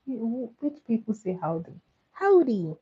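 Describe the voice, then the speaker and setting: A woman hosts a relaxed live stream and answers her viewers' comments, laughing often. She talks slowly in a husky voice. The sound is thin and tinny, like a phone call. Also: fairly low pitch. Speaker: livestream host. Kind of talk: casual live-stream chat.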